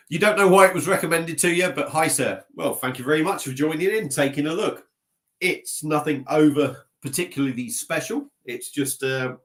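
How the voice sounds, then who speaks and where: A man with a slightly blocked nose rambles through a relaxed live stream from his desk at home. He laughs at himself, trails off and restarts often, and talks into a laptop mic. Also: a little high. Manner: rambling, self-mocking, chatty, reading out comments. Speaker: beer vlogger live-streaming. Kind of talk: casual live-stream chat.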